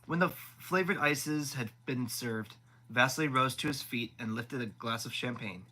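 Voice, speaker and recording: A man's voice: mid-range voice, moderate pace, bright, forceful tone, low-quality recording. A man reading a novel aloud live, often stumbling and rereading words. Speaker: audiobook reader.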